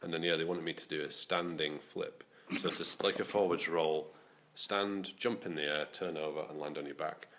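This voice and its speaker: A man's voice: extremely low pitch, steady tone, normal speed, a bit bright. A man co-hosting a podcast, casually telling self-deprecating stories and swearing now and then. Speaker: podcast co-host. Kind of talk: casual chat.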